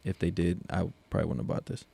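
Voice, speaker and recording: A man's voice: sits low, level tone, fast, vocal fry, mellow, breathy edge, no room sound. A young man co-hosting a casual podcast, laid-back and laughing often as he reads a whiskey label aloud. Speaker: podcast co-host. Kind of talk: casual chat, tasting whiskey.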